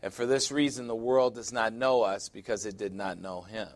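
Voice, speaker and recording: A man's voice: on the low side, steady tone, normal speed. A man pastor preaching an emphatic sermon, reading scripture aloud, commenting on it and speaking directly to his congregation.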